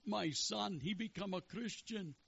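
A fretful middle-aged father who speaks in a gravelly, husky voice, as a man puts him on. The recording sounds dull and lo-fi. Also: high voice, a little slow, fairly bright tone, dry recording, pitched above the performer's own voice, heavily acted. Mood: worried. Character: worried middle-aged Jewish father, embarrassed.

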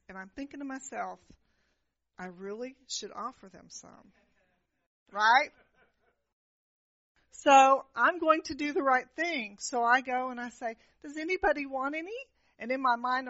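Animated woman preacher, slightly high voice. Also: no room sound. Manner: animated storytelling, asks the crowd "right?" often. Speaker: minister. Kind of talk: sermon with personal stories. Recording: dull lo-fi, dry sound.

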